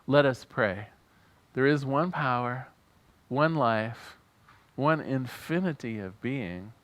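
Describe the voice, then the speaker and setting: A man's voice: mid-range voice, lively intonation, slow, fairly bright tone. Earnest man leading a church prayer. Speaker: minister. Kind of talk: sermon and prayer. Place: church service.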